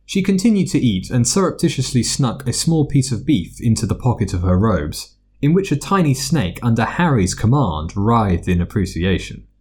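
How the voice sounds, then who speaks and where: A man narrating a story aloud, expressive and doing voices for the characters. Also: medium pitch, normal speed, slightly rough. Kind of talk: fan fiction reading.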